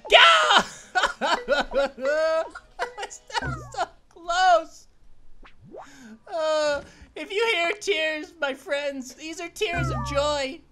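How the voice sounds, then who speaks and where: A performer voicing an upbeat, goofy male cartoon grape who hosts a let's play with excitable, punning commentary and yelps. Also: sits high. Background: background game music.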